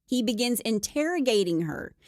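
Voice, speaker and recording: A woman's voice: a little high, animated, normal speed, a little mellow, no room sound, clean studio sound. A woman co-hosting a podcast, telling a true crime story casually and acting out the quotes with playful voices.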